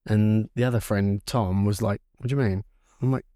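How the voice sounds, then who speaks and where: This podcast co-host is a young man with a lowish voice and normal pace, captured at studio quality with no echo. Chatting casually, he tells a story animatedly, swearing freely and performing the quoted voices.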